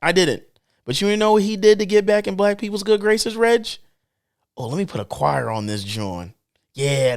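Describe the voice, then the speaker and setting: Animated man ranting on a podcast. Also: clear, resonant tone. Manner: animated, emphatic, swings between low drawl and excited high bursts. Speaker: podcast co-host. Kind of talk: casual podcast commentary.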